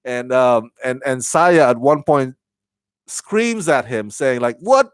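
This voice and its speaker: A man's voice: medium pitch, slow pace, clear, resonant tone, dry recording. Rambling man reviewing a TV show. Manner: rambling, repeats words while thinking aloud. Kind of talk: casual spoken TV review.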